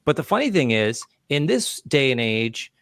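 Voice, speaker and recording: A man's voice: medium pitch, very animated, moderate pace, vocal fry, fairly bright tone, dry recording, clean studio sound. A man hosting an interview, asking questions in a conversational way with hesitant fillers. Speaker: podcast host. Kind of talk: casual interview talk.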